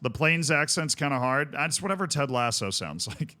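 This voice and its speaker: A male streamer chats through a game in a loose, rambling way, tossing jokey asides to his viewers. His voice sits a touch high and swings widely in pitch. It has a bright, forceful edge. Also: expressive, normal speed. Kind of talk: casual gaming stream chat.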